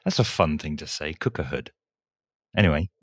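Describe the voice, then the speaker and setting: Man, very deep voice, slight lisp from braces, dry close mic, laid-back co-host. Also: moderate pace, no echo. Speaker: podcast co-host. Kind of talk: casual podcast banter.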